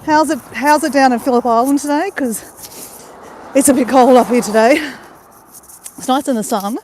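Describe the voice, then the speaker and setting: A woman's voice: high voice, moderate pace, darkish tone, slight background noise. A middle-aged Australian woman livestreaming from her phone as she walks a waterside path outdoors, chatting casually with viewers and greeting them by name. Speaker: vlogger livestreaming a walk. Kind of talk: casual live-stream chat. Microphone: phone held while walking.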